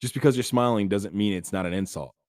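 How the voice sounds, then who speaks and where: A man with a low voice talks earnestly in a casual podcast monologue, dotted with fillers. The recording is close and dry. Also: fast talker, darkish tone, dry recording. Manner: earnest, conversational, many fillers. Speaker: podcast host.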